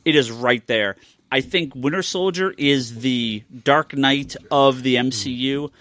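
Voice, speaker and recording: A man's voice: mid-range voice, unhurried. A man co-hosting a podcast in casual chat, talking with lots of restarts and repeated words. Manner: animated, stammering restarts. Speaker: podcast co-host.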